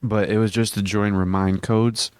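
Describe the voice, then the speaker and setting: Hiccuping throughout, a teen vlogger talks earnestly about self-improvement in a casual video, his deep voice level, smooth and clear. He rambles at normal speed and keeps restarting his sentences. The recording is close-miked and dry, with no room sound.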